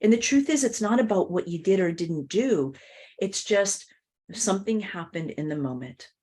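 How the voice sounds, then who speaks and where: A woman's voice: medium pitch, lively intonation, normal speed, dark tone, slightly rough. A woman podcast host sharing personal experiences in a reflective, open way, often saying "you know".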